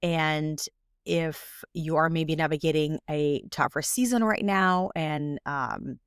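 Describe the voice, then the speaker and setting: A woman's voice: low-pitched, slow pace, clear, resonant tone, dry recording, clean studio sound. A pregnant woman in her thirties hosting her own business-coaching podcast, talking chattily and encouragingly with frequent little laughs. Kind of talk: solo podcast monologue.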